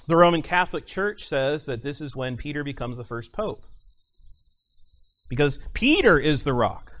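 A male pastor preaching a sermon, stressing single words with long pauses and repeating phrases for emphasis. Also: fairly high pitch, fairly bright tone.

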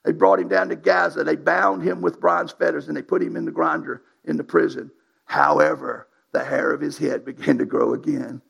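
Preaching a sermon, a man with a strongly gravelly, raspy voice that sits high for a man reads scripture and exhorts his congregation in plain, folksy, emphatic speech. His intonation is lively, his pace moderate and his tone a bit bright. The audio sounds dull.

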